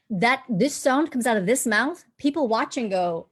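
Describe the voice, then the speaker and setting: Woman, dialect coach, animated explainer; demonstrates accents mid-sentence. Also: fairly high pitch, moderate pace, husky. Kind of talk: live panel discussion.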